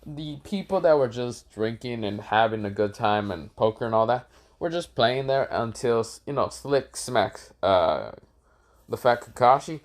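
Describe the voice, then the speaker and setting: Somewhat slowly and with plenty of expression, a man makes up a fan-fiction story on the spot. He rambles, self-corrects, curses, and shouts the characters' parts in high voices.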